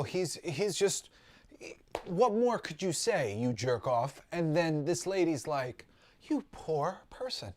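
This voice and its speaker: A man teaching a spiritual class in a loose, conversational way. He talks from the heart and circles his points with plenty of ums, uhs and false starts. His pitch sits at a middle level for a man. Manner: rambling, heartfelt, many ums and restarts. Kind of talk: casual spoken lesson.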